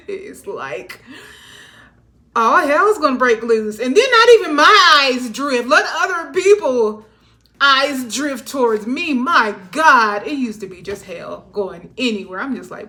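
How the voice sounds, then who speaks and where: A woman giving a casual tarot reading, talking animatedly with laughing asides and swinging between low mutters and loud exclamations. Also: big pitch swings, a little slow. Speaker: tarot reader. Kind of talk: casual spiritual reading monologue.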